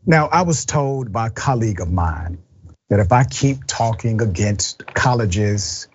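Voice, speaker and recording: A man's voice: lowish voice, lively intonation, unhurried, highs cut off, a little hiss or hum. A man hosting a news commentary show, speaking with indignant emphasis and addressing the person he criticizes directly. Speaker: host.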